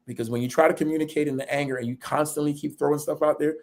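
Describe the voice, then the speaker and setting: A man's voice: on the high side, steady tone, rapid-fire, darkish tone. Earnest, self-deprecating man in discussion. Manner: earnest and self-deprecating, laughs while telling stories. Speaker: panel guest. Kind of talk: candid panel discussion.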